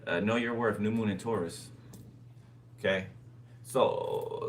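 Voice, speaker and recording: A man's voice: lowish voice, slow pace, pauses often. A man giving a casual tarot reading, musing aloud and repeating phrases with frequent "okay?" checks. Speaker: tarot reader. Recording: distant mic with background noise.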